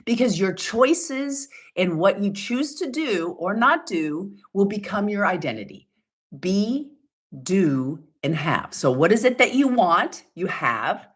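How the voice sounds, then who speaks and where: A woman's voice: mid-range voice, very animated, slow, husky. A woman leading a self-help challenge as its coach, talking in an upbeat, emphatic way, acting out what people say and laughing often. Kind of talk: motivational coaching talk.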